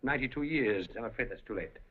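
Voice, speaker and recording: An actor playing a suave, scheming café proprietor in a 1930s film, speaking in an urbane, deliberate way. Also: male voice, mid-range voice, expressive, husky. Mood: sly. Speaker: café owner. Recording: dull 1930s film soundtrack.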